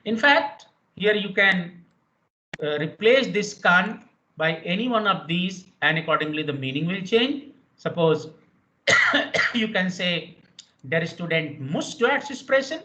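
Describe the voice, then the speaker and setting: A man's voice: high-pitched, lively intonation, takes it slowly, sharp tone, highs cut off. A man teaching a university language lecture online, explaining rules patiently and repeating the key points.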